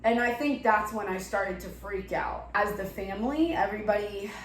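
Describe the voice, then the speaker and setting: Woman gently asking interview questions. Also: medium pitch, moderate pace, echoey room, slight background noise, rough recording. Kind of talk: recorded interview.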